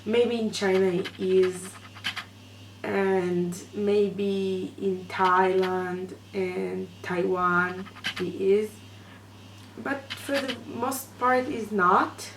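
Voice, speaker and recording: A woman's voice: medium pitch, steady tone, very slow. A woman who is not a native English speaker, talking in an emotional, hesitant vlog from her room at night, full of fillers and restarts. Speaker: fan vlogger. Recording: echoey room, noisy background.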